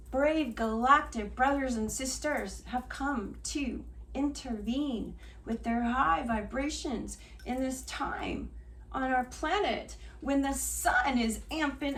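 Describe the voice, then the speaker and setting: A woman's voice: a little high, a bit bright. A middle-aged woman reading oracle cards in a casual spiritual chat, rambling and emotional and often trailing off and restarting. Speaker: oracle card reader. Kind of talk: casual spiritual channeling talk. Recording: far from mic, faint noise.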